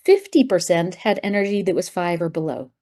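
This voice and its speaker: A woman guest in a conversational interview, talking emphatically with strong opinions and quick asides. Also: fairly low pitch, lively intonation, mellow. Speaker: guest, acupuncturist and app founder.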